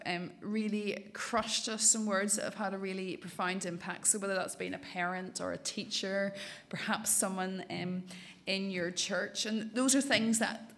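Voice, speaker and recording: A woman's voice: medium pitch, fairly bright tone. Woman leading a church teaching talk. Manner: affirming, thoughtful, frequent um pauses. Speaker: Bible study leader.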